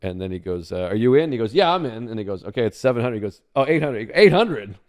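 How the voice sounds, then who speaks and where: A man's voice: fairly low pitch, expressive, fast talker, a little mellow. Man quoting movie lines eagerly. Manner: enthusiastic, quotes lines in character. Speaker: guest comedian. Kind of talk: casual podcast chat.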